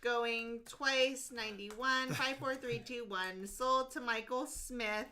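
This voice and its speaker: Female co-host, high bright voice, reads bids and counts down. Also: fairly even intonation, slow. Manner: reads bidder names and amounts, counts down. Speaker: co-host calling auction bids. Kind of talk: live auction calling.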